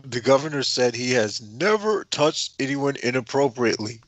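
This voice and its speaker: A man's voice: mid-range voice, animated, normal speed, no echo, rough recording. A man cohosting a livestream, reading news items aloud and adding blunt remarks of his own. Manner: reads headlines, then adds blunt remarks.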